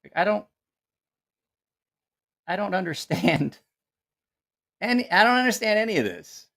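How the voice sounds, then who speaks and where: A man's voice: sits high, very animated, a little slow, vocal fry, fairly bright tone. Profane, incredulous man hosting a live stream. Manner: incredulous, profane, mocking rants with laughter. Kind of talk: casual live-stream commentary.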